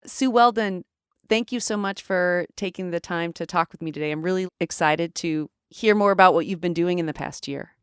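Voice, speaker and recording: A woman's voice: fairly low pitch, a little fast, hardly any pauses, clean tone, no echo, clean studio sound. A woman interviewer reading a scripted introduction and asking friendly, polished questions.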